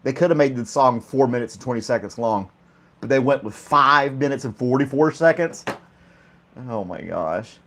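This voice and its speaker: A man's voice: medium pitch, brisk, a bit bright, slight background noise. A man hosting a casual morning chat show, joking and laughing often while a pet clings to his arm. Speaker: host.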